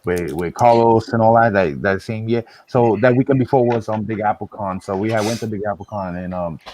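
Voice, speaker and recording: A man's voice: fairly low pitch, fairly quick, a little hiss or hum. New guy hosting a chill podcast, rambly and salty, lotta "you know"s. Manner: animated, profane, lots of fillers. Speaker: podcast host. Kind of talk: casual storytelling chat.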